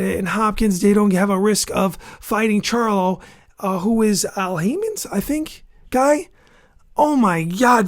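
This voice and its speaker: A boxing show host giving heated, opinionated commentary, ranting and repeating insults for emphasis while skimming an article. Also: mid-range voice. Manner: skims and reads an article aloud between outbursts.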